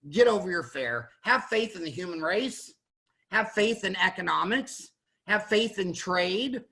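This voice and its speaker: A man's voice: high-pitched, expressive, a little slow, pushed and bright, low-quality recording. A middle-aged man from the USA, a dentist hosting a panel over a video call, talking in a blunt, rambling, emphatic way with many restarts. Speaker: dentist and podcast host. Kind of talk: opinionated panel discussion.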